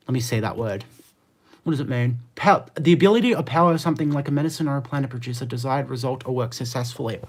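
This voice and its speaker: A live streamer chatting with viewers and arguing back at their messages in fast rants full of "like", laughing often. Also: medium pitch. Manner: argumentative, fast rants with many "like" fillers; laughs often, easily amused.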